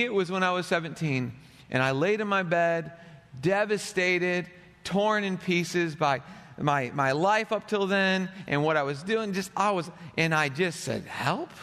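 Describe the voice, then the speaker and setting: A man's voice: high voice, a bit bright. A man preaching a sermon, dramatically acting out the voices he quotes. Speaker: pastor. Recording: long hall reverb.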